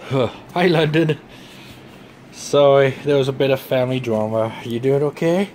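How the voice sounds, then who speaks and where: A woman's voice: extremely low pitch, normal speed, a little mellow. A woman hosting a casual family vlog, chatting with and scolding her kids. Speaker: vlog host and mother. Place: home, then inside a moving car. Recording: camera audio with clear background noise.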